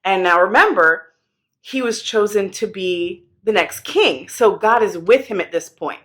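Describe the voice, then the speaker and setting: A woman telling a Bible story to kids in a chatty, slangy, animated way. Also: mid-range voice, unhurried. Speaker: children's Bible teacher.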